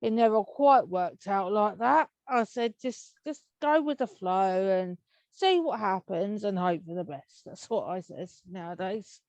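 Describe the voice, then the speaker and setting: Guest spot: English woman, talkative and rambling, quick to laugh, mid-pitched voice, dry close recording. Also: darkish tone, dry recording. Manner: chatty and rambling, laughs often. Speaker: interview guest. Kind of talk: casual interview chat.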